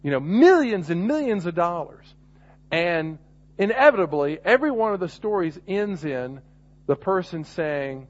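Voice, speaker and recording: A man's voice: high-pitched, very animated, normal speed. A middle-aged man preaching a sermon, earnest and restarting often as he builds to emphatic points. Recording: muffled lo-fi recording.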